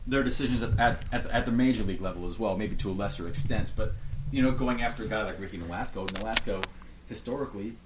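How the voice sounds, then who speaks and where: A man from Minnesota, a guest on a podcast, talking quickly and rambling in casual chat. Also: on the low side, very noisy. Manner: quick, rambling talk about baseball.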